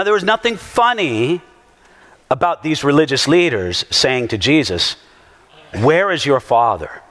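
Preaching a sermon to his congregation, a pastor with a high, strongly animated voice acts out every quote in his stories. His pitch leaps up and down, and a large hall gives his words a long ringing reverb.

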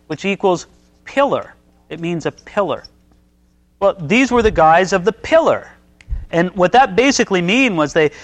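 A man teaching church history in a casual, folksy way, asking his listeners questions as he goes. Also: sits high.

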